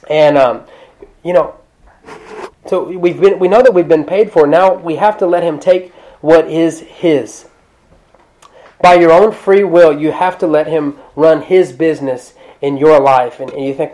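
Man, pastor, church sermon, conversational, animated, frequent asides and restarts, slightly high voice. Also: moderate pace, poor audio.

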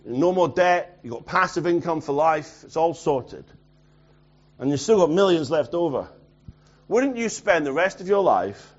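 Pastor preaching on a muffled recording. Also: male voice, on the high side. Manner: swings from loud urgent preaching to quiet near-mutter. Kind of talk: sermon.

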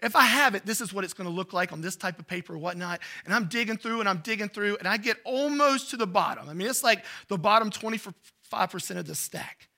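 A man, a pastor telling a personal story in an animated way during a sermon. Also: high-pitched, quick pace, gravelly. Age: 40s.

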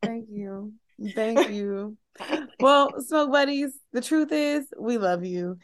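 A woman co-hosting a casual podcast chat, her voice sitting a little high. She talks emphatically, swears freely and keeps breaking into laughter. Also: lively intonation, slow pace. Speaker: podcast co-host.

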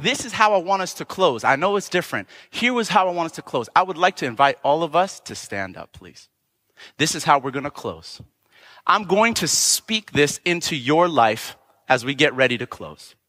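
A man delivers a fervent sermon, his high voice climbing into emphatic shouts. The tone is bright and ringing. A long church-hall reverb trails each phrase. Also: animated, normal speed. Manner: impassioned, rising to emphatic shouts. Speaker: preacher. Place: church sanctuary.

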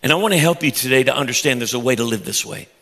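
A middle-aged man preaching a sermon with passion, swinging from loud rises to soft, low drops and repeating words when excited. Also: very fast. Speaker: pastor.

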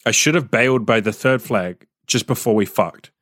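A man's voice: lowish voice, normal speed, a bit bright, dry recording, clean studio sound. A young man telling a story from his diary in a casual podcast monologue, swearing often and reacting aloud as he reads. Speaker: podcast host reading his old diary.

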